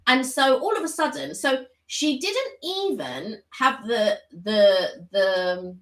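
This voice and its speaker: A woman's voice: a little high, slow, roomy sound, low-quality recording. A woman co-hosting a live stream, chatting casually and rambling through long stories with lots of restarts. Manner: chatty, rambling, with many restarts and animated retellings. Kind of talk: casual chat.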